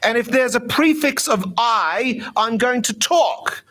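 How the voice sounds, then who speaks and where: Male rabbi, high voice, informal gathering talk, chatty and self-deprecating. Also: slow pace. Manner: lively, chatty, self-mocking. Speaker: rabbi teaching meditation.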